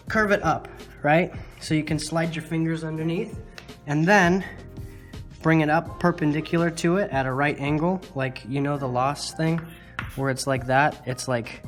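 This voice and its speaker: A man's voice: a little high, a bit bright. Man for a chatty art tutorial, self-deprecating, loose and rambling, fillers throughout. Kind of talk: casual drawing tutorial.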